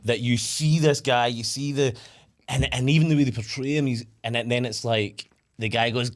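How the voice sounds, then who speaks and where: A man's voice: mid-range voice, brisk. A man co-hosting a casual podcast, retelling film scenes with lots of energy and swearing. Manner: animated storyteller, swears freely. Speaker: podcast co-host. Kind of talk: casual chat.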